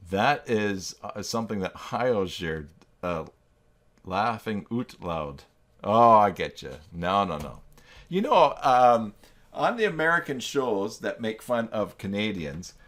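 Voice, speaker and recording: A man with a notably low, deep voice hosts a casual live stream. He thinks aloud as he works and reads his chat, and he pokes fun at himself along the way. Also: fairly bright tone. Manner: thinks aloud, reacts to chat, self-deprecating.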